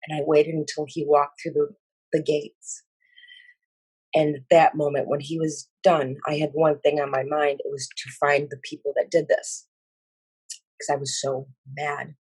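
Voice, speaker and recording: A woman slowly and earnestly recounting a spiritual vision in halting speech with many fillers. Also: sits low, little pitch movement, darkish tone, breathy edge, no room sound. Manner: emotional and earnest. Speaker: speaker sharing a spiritual vision. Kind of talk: personal account of a vision.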